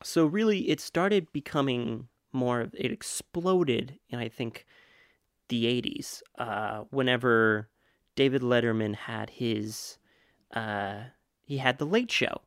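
A man's voice: mid-range voice, slow, no room sound. Dry-voiced young man rambling casually. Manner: rambling, self-correcting, fact-listing. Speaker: podcast co-host. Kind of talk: casual chat.

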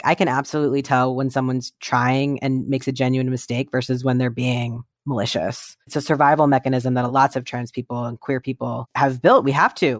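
Brief: earnest interview guest, mid-pitched voice, dry close recording. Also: no echo. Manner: earnest, animated when quoting others. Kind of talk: conversational interview storytelling.

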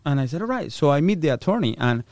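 Speaking fast and at a fairly high pitch, a man with a Spanish-influenced accent tells his story as a guest in casual conversation, with no room sound in the recording. He's animated, acts out the people he quotes, and swears freely.

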